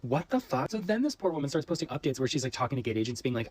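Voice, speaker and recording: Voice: medium pitch, lively intonation, quick pace, hardly any pauses, a little mellow, no room sound. A vlogger retelling a story with sarcasm and swearing. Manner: sarcastic, profane. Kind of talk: casual storytelling vlog.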